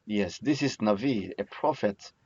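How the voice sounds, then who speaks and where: Slow low-voiced man teaching a lesson. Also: darkish tone, slightly rough, no room sound, highs cut off. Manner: slow, repeats each word to drill pronunciation. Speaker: Biblical Hebrew teacher. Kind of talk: recorded lecture over slides.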